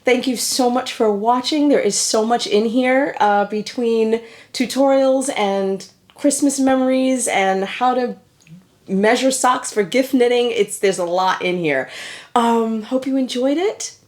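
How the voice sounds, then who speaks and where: A woman's voice: fairly high pitch, measured pace, a little mellow. A middle-aged woman talking casually to camera as a knitting vlogger, chatty and sentimental, laughing easily.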